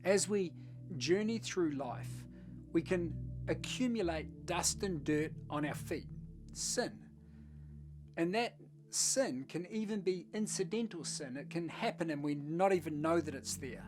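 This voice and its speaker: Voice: mid-range voice, expressive, a little slow, a little mellow, faint music behind. A pastor giving a short devotional message in a conversational, storytelling manner.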